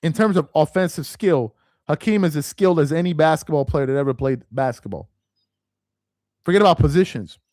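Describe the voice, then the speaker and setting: A man's voice: fairly high pitch, lively intonation, a little fast, a little mellow, dry recording, clean studio sound. A man hosting a casual sports talk live stream, reading chat aloud in a loose, slangy, rambling way, ending lines with "man" and "bro".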